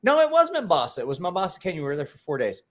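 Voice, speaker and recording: A man's voice: sits high, racing. A man hosting a live stream, telling stories and swearing freely in casual chat. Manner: animated storyteller, swears freely. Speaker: livestream host.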